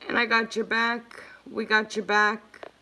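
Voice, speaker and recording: A woman's voice: a little high, little pitch movement, a little slow, pushed and bright. A woman hosting a livestream, speaking earnestly and emotionally to her viewers, repeating herself as she offers support. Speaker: livestream host.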